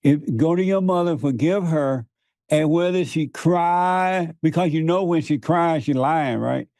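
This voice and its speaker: A man's voice: on the high side, measured pace, a little mellow, dry recording. A male guest who talks like a preacher, hammering points home by repeating words and laughing often between them. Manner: emphatic, repeats words for force. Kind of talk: preaching in conversation.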